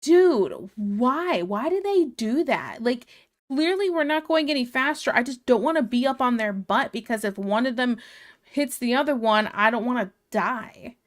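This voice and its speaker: A woman's voice: on the high side, lively intonation, normal speed. Exasperated woman ranting on a stream. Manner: ranting, exasperated, laughs often. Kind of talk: casual livestream chat, reading comments aloud.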